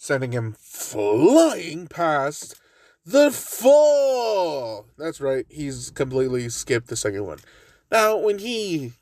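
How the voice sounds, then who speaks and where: A man casually improvising a fan story, rambling, filling pauses with fillers and swearing now and then. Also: a little high, sing-song, a little mellow, no echo.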